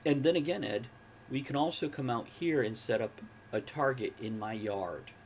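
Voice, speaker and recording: A man in his forties hosting a casual podcast chat from home, relaxed and talkative, cracking jokes as he goes. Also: mid-range voice, normal speed, a little hiss or hum. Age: 40s. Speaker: podcast host.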